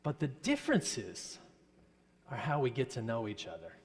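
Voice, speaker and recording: A man's voice: medium pitch, wildly swooping pitch, normal speed, breathy edge. Man minister talking to children, long church reverb. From New Jersey. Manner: asks the children questions, gentle teacherly tone. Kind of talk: children's story in a worship service. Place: church sanctuary.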